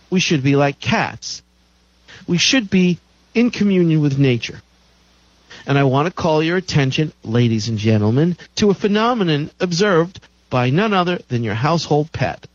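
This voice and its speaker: A man's voice: a little high, big pitch swings, normal speed, no room sound. Man, health show host, emphatic lecture, repeats points, dull lo-fi sound. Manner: emphatic, repeats key claims. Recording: dull lo-fi dry recording.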